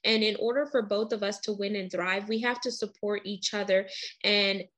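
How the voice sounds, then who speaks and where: A woman's voice: medium pitch, steady tone, moderate pace, fairly bright tone. Motivational woman podcast host. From United States. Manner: encouraging, motivational phrasing. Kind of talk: conversational interview.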